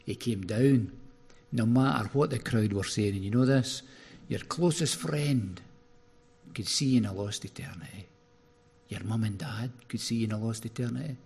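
Gravelly-voiced man preaching. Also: medium pitch, moderate pace. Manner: animated storytelling with sudden rises. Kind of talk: sermon.

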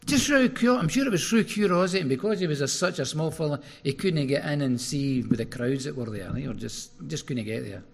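A man preaching a sermon, retelling a story in an animated way with sudden rises in his voice. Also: fairly high pitch, a little fast, vocal fry, few pauses, slightly rough.

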